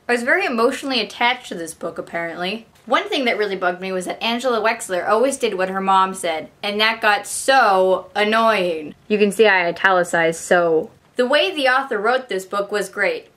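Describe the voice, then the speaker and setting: A woman's voice: medium pitch, bright, forceful tone. A young woman in her late teens, vlogging casually and reading an old school essay aloud with dry, wry asides. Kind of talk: casual vlog.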